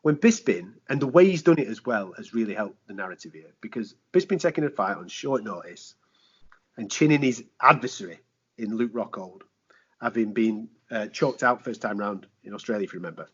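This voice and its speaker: A man, a sports presenter, chatting on a podcast in a lively way, with rhetorical questions, slang and swearing. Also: lowish voice, brisk, husky. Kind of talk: casual podcast chat. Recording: dull lo-fi podcast audio.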